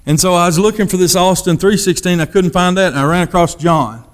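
A man giving his testimony as a sermon, in a folksy storytelling manner that drops to a hush for quoted thoughts. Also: high voice, fairly quick.

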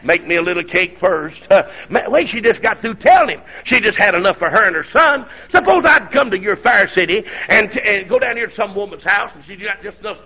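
A man preaching a revival sermon, telling Bible stories in a folksy way with many "uh"s and shouted climaxes. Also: high-pitched, lively intonation, brisk, few pauses, husky. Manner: folksy storytelling preacher, frequent "uh", shouting peaks. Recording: dull lo-fi radio broadcast.

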